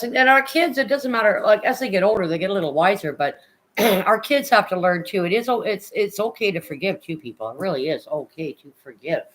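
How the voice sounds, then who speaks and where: A woman livestreamer chats casually with her viewers, frank and emotional, cursing freely and greeting chatters by name. Her voice is low-pitched, and the rough recording carries slight background noise.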